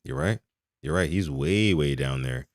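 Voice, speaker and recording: A young man from Maryland hosting a live sports podcast, reading out donations and chatting with a lively, animated delivery. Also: a bass voice, unhurried, creaky, dry recording, studio quality. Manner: animated, reads donations aloud. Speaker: podcast host. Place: home in Texas.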